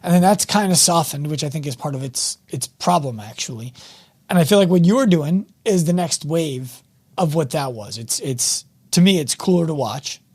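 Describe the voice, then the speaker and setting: Chatty higher-voiced podcast host. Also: male voice, expressive, moderate pace, darkish tone, slightly rough. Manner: chatty, long winding questions. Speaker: podcast host and fitness coach. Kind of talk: casual interview talk.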